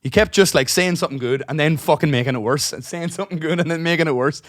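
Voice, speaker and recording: A man's voice: fairly high pitch, quick pace, no echo, studio quality. A man, co-hosting a podcast, rambling through a long anecdote, swearing freely and acting out the other people's lines. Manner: rambling, swears a lot, acts out dialogue; restarts and trails off while telling stories. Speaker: podcast co-host. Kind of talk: casual chat, long anecdote.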